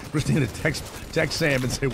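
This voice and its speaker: A man's voice: medium pitch, vocal fry, background noise. A middle-aged man hosting a talk radio show, rambling through a sarcastic comedic monologue with mock voices.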